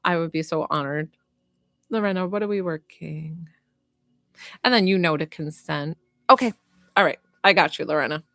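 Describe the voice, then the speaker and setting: A woman working as a medium and healer, talking gently and unhurriedly to viewers during a live-stream reading and healing session, with frequent fillers. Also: deep voice, normal speed, pauses often, no echo, clean studio sound.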